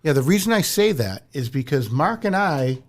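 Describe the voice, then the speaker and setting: A male podcast host in a casual interview, conversational and affirming. He talks in halting stretches with a slightly high voice. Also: sing-song.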